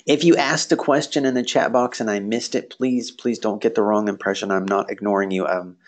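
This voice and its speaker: A man's voice: fairly low pitch, steady tone, fairly quick. A man with a nasal voice, teaching a live online class in a casual, rambling way with lots of fillers. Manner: casual, rambling, friendly, frequent fillers and laughs. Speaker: online course instructor. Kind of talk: live virtual class session.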